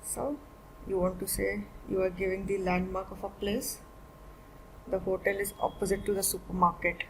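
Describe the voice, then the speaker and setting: Gravelly woman teaching Spanish basics. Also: mid-range voice, flat delivery, moderate pace, a little hiss or hum, rough recording. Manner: explains step by step, repeats each word form twice. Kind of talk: beginner language lesson.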